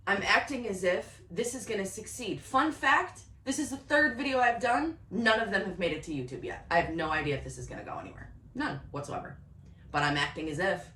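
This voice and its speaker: A woman giving a casual, excitable tarot reading to camera from her home office, often laughing. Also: on the high side, moderate pace, distant mic. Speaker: tarot reader. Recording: roomy echo, voice a bit off-mic.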